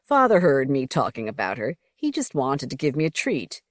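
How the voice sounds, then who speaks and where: A woman's voice: very deep voice, wildly swooping pitch, moderate pace, no room sound, clean studio sound, exaggerated voice. A woman reading a smirking, boastful young lord. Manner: bland, vicious, cajoling.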